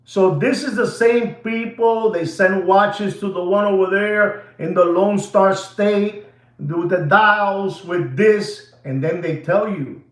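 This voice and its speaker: The man's voice sits high and moves slowly as he hosts a watch channel, ranting with theatrical flair to his audience. Excitable, he breaks into Spanish asides, and an echo fills the room.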